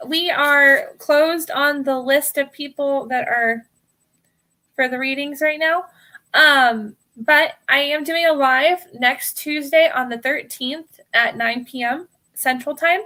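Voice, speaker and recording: An American woman hosts a live tarot reading stream and talks straight to her viewers. Her voice sits a touch higher than most. She is casual and apologetic, laughs often, and calls people hon while working through her list. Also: sharp tone.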